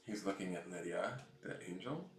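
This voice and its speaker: A man's voice: animated, moderate pace, echoey room. A man hosting a tarot live stream, chatting casually and answering viewers' comments by name. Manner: coos in a high baby voice to his new cat.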